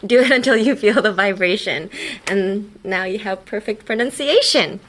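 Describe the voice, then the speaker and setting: A woman's voice: medium pitch, normal speed, background noise. A woman hosting a podcast, teaching English pronunciation in a casual, playful way and laughing often. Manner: playful, laughs often, explains with silly examples.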